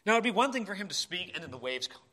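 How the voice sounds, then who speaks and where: A man preaching a sermon in a church, impassioned, swinging between urgent cries and quiet asides. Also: sits high, sing-song, rapid-fire. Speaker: pastor.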